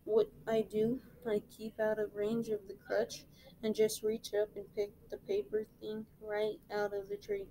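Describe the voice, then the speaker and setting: A woman, a reading teacher, reading a novel aloud in a plain, unhurried way with small slips. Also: mid-range voice, monotone, warm tone, rough recording.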